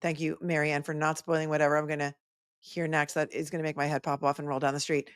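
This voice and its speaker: Low-voiced sarcastic woman commentator. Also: quick pace, smooth, no echo, clean studio sound. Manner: sarcastic, animated asides. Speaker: attorney commentator hosting a livestream. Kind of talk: live trial commentary.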